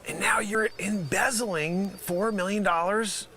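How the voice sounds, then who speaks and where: A man playing a brash male scam caller posing as a tech company, yelling insults and swinging from loud to mumbled. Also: high-pitched, unhurried, background noise. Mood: pompous. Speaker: comedy sketch performer. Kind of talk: improvised comedy sketch.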